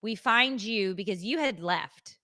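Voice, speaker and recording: A woman co-hosting a podcast, retelling a story in a casual, animated, self-mocking way. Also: medium pitch, measured pace. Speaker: podcast co-host.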